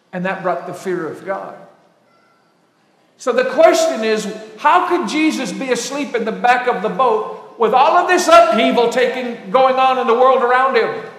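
A man preaching a sermon, telling stories with animated swings between loud emphasis and hushed asides. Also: very high voice. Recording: echoey hall with long reverb.

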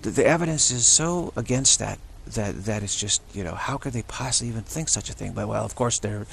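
Man, low-pitched, gravelly, rambling monologue, repeats words. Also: fairly quick, fairly bright tone, a little hiss or hum. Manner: acts out short quoted voices of others. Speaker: spiritual channel host. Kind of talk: unscripted monologue.

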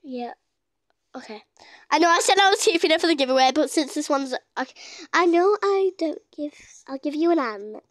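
A woman giving casual, excitable gameplay commentary as a gaming YouTuber, gushing with exclamations. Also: sits high, moderate pace, no room sound, clean studio sound.

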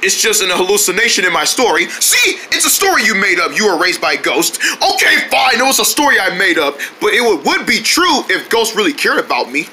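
High bouncy cartoon guy voices, super bright, a little hiss behind. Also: big pitch swings, brisk, few pauses. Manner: goofy, playful, sing-song. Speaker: cartoon creator voicing characters. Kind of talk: cartoon character banter.

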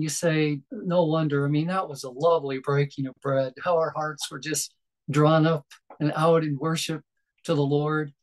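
A man preaching a sermon in a gentle, reflective way, pausing often and restarting his phrases. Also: sits high, low-quality recording.

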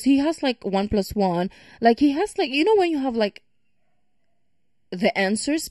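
A woman's voice: a little high, dark tone, no echo, clean studio sound. Exasperated woman ranting on a reaction video. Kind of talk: casual reaction commentary.

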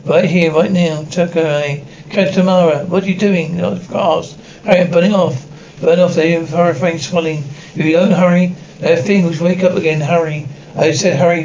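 Man reading a script aloud, halting. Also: a little high. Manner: flat, halting reading that trips over words. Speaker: script reader. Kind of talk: reading a script aloud, sound cues included. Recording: dull lo-fi audio with faint hiss.

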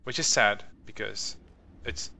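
A man's voice: fairly low pitch, unhurried, creaky, bright, forceful tone, low-quality recording. A young man co-hosting a casual chat about a video game, musing and offhand, often trailing off mid-thought. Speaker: co-host.

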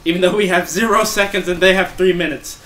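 A man's voice: sits high, fairly even intonation, quick pace, a bit bright. A man commenting on his own game as he plays, taunting opponents, swearing and laughing. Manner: trash-talking, taunting, swearing; playful, laughing. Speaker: gamer. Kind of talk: casual gameplay commentary.

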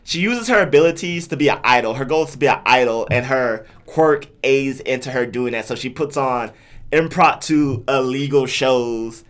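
A man co-hosting a casual podcast chat, animated and quick to laugh. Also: mid-range voice. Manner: animated, laughs often, acts out voices. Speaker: podcast co-host.

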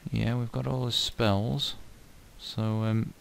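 A man's voice: mid-range voice, steady tone, takes it slowly, creaky, slight background noise. A man with a Yorkshire accent giving chatty, self-mocking commentary as he plays a video game. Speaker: let's play host. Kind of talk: casual gameplay commentary.

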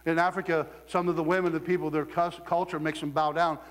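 A middle-aged man from Southeast Ohio preaching a sermon, telling stories with lively acted quotes and laughter. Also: fairly high pitch, fast, long reverb tail.

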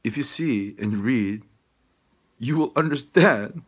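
Husky man ranting profanely. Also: medium pitch, expressive, slow pace, long pauses. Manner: profane, rambling, emphatic. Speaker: vlogger. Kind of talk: rambling monologue to camera.

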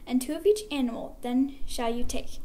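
A woman with a high voice gives us God in a storybook telling, stern and commanding. He measures out each rhyming decree with weight. The voice stays close to a plain reading voice. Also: moderate pace, warm tone, close to an everyday voice. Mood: solemn.

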